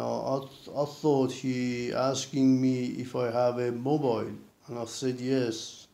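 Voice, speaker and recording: A man recounting a personal experience in a halting way, with many restarts and repeated fillers. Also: medium pitch, vocal fry, warm tone. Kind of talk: casual spoken account. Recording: roomy echo.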